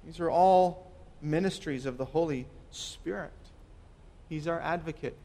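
A young man preaching a sermon earnestly. He asks rhetorical questions and repeats words, swinging between loud emphasis and soft, quiet lines. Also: a little high, a little slow. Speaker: pastor.

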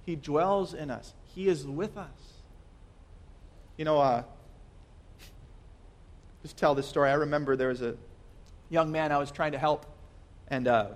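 A young man preaching a sermon earnestly. He asks rhetorical questions and repeats words, swinging between loud emphasis and soft, quiet lines. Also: on the high side, measured pace, pauses often. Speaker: pastor.

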